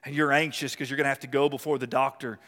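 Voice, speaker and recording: A man preaching a sermon with impassioned delivery, swinging between loud and hushed. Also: medium pitch, flat delivery, fast talker. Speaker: pastor. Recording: long reverb of a large hall.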